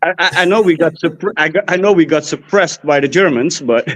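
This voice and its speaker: A man from the Netherlands, co-hosting a casual live-stream chat, blunt and quick to swear. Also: a little high, a bit bright. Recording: dull lo-fi stream audio.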